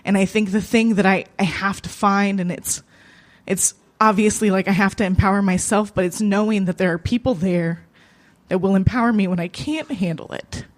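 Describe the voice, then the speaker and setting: A woman co-host telling a personal story at a live open mic in a small cafe, halting and emotional, full of fillers and restarts. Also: mid-range voice, steady tone.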